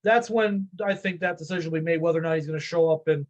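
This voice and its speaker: A man with a Chicago accent, a panelist in a casual political discussion, chatty and thinking out loud. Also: fairly high pitch, fast, muffled recording. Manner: chatty, musing, self-questioning.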